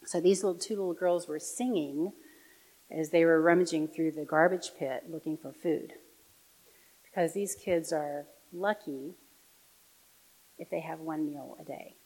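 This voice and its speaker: A woman giving a parish talk about her volunteer work as an audiologist. She tells her story with animation and drops soft and quiet for the serious moments. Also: low-pitched, unhurried, long pauses, breathy edge, rough recording.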